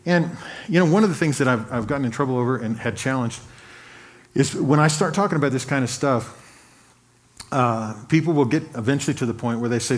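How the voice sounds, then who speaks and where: A male pastor giving a sermon, talking conversationally, often repeating and restarting words, and reading scripture slowly and with emphasis. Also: medium pitch.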